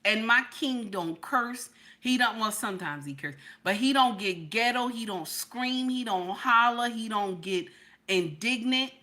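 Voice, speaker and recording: Middle-aged female streamer, emphatic and repetitive, bright voice. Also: a little high, animated, a little slow. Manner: emphatic, repeats lines, talks to chat. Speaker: livestream reaction host. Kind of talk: casual livestream commentary.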